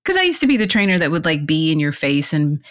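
Talking at a quick pace in a low-pitched voice, a woman who works as a clarity coach and fitness instructor chats casually as a podcast guest. She laughs often and acts out quotes while telling animated stories.

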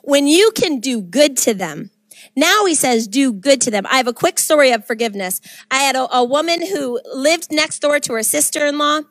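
A woman's voice: high voice, animated, moderate pace, fairly bright tone, no echo. A woman minister preaching to young people in a fervent, exhorting way, mixing in stories.

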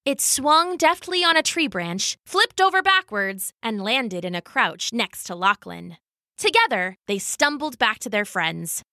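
A woman storyteller reading a children's adventure story in an expressive, animated way. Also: on the high side, unhurried, no room sound, clean studio sound. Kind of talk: scripted children's story narration.

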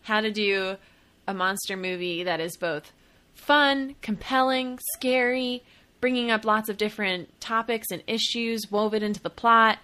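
A woman co-hosting a film podcast in casual chat, chatty and joking with quick asides. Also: mid-range voice, fairly even intonation, pushed and bright, clear, resonant tone. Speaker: podcast co-host.

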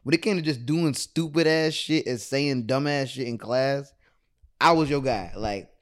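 A man's voice: medium pitch, moderate pace. A young adult man from the United States talking in a blunt, laughing way during a casual podcast chat. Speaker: podcast co-host.

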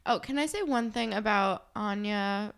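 A young woman co-hosting a casual recap chat, expressive and swearing casually. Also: unhurried, creaky, clear, resonant tone. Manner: expressive, swears casually, dips low for emphasis. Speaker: podcast co-host.

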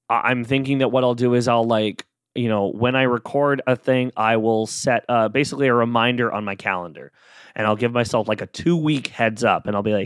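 A man's voice: mid-range voice, smooth, no echo, clean studio sound. A man hosting a solo podcast, talking casually and rambling with lots of fillers and self-amused asides. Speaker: podcast host.

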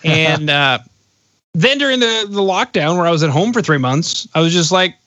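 A man's voice: a little high, moderate pace, pushed and bright, no echo. A man in his thirties hosting a podcast interview, talking in a rambling, reflective way with jokes mixed in. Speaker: podcast host. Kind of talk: casual interview chat. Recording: dull lo-fi, dry close sound.

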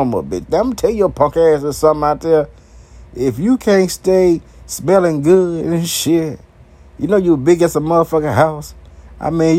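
A man's voice: on the high side, darkish tone. A man telling a crude, rambling comic story full of swearing. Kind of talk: profane comedic monologue.

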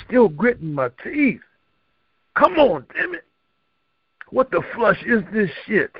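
A man performs spoken word with a rhythmic, rhyming delivery, his gravelly voice swinging widely up and down. The sound is dry, with a muffled, lo-fi quality. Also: high voice, no room sound. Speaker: co-host and poet. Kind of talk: comic spoken-word poem, then casual chat.

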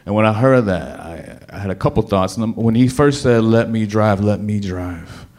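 A man telling a personal story to a live audience, animated, with stammering restarts and sudden bursts of emphasis. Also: fairly low pitch, moderate pace.

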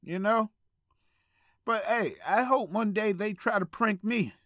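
High-voiced man in a cussing rant. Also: unhurried, fairly bright tone, dry recording, clean studio sound. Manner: profane, exasperated ranting. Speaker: podcast host. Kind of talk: solo ranting podcast. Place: small room, alone.

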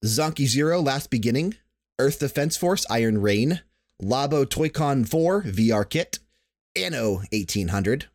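A man's voice: medium pitch, animated, measured pace, a little mellow, dry recording, clean studio sound. A young man hosting a casual gaming podcast, talking in a chatty, rambling way and often restarting his sentences. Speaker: podcast host.

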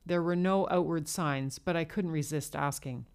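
A woman with a notably low voice narrates an adult short story in the first person. Her reading is cool and measured, with an even, deliberate delivery.

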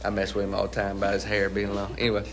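A middle-aged man preaching a sermon as pastor. He is emphatic, asks the congregation questions and answers them himself, and draws out key phrases slowly for weight. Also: on the low side, monotone.

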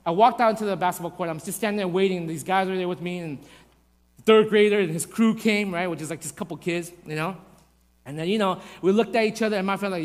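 A man preaching a sermon, telling a childhood story with lively, acted-out voices. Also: high voice, quick pace, in a large hall. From Vietnamese family. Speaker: pastor.

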